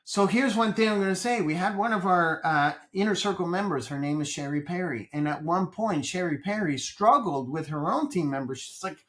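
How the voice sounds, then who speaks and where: A man from Colombia, a business coach guest on a podcast interview, telling stories with animated energy and repeating his phrases. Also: high-pitched, normal speed, hardly any pauses.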